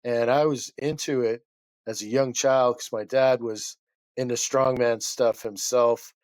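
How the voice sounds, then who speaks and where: A man's voice: mid-range voice, fairly even intonation, a little slow, darkish tone, no echo. A man who is a guest chiropractor, telling a story in a rambling, passionate way that keeps interrupting itself.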